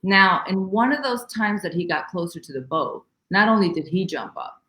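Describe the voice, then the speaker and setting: A woman speaking as an interview guest, telling a personal story in an animated, emotional way and acting out exclamations. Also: lowish voice, normal speed. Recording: roomy echo.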